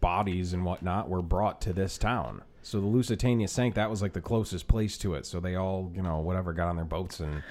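A man telling a story in casual chat, animated and profane, often laughing. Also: low-pitched, a little fast, hardly any pauses. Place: bar room.

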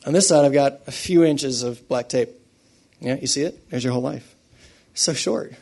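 A man preaching a sermon with animated delivery, swinging between loud emphasis and quiet asides and laughing often. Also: medium pitch, moderate pace, gravelly.

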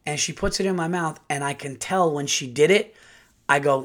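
A man hosting a podcast, telling a rambling, profane, animated story in a casual way. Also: fairly high pitch, moderate pace. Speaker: podcast host and comedian.

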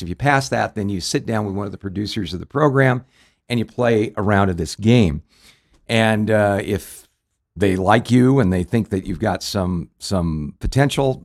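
A man hosting a radio talk show, telling a story casually with many fillers and restarts. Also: fairly low pitch.

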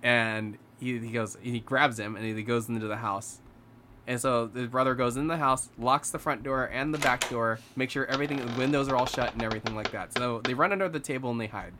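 A man in the middle of pitch telling a ghost story among friends, slipping into other people's voices and going quiet and low when the tension builds. A faint hiss of background noise sits under the talk. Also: a little fast. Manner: animated, acts out the characters' lines, drops to a hushed voice for tense moments.

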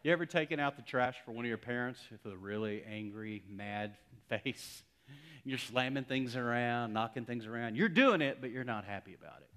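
A man's voice: medium pitch, expressive, normal speed. Dramatic preacher man. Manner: storytelling preacher swinging from loud exclamations to hushed near-whispers. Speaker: pastor. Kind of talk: sermon.

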